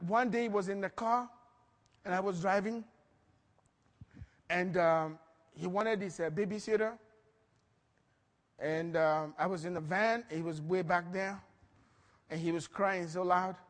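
A man preaching a sermon, telling stories with lively acted-out quotes and frequent laughter. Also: high-pitched, in a large hall. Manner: animated storytelling, acts out quotes, laughs often. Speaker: pastor.

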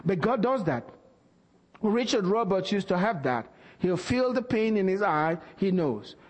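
Male preacher, high pitch, animated storyteller, recorded in an echoing church hall. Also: a little slow, highs cut off. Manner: animated storyteller acting out dialogue. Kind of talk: sermon storytelling. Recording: long reverb of a large hall.

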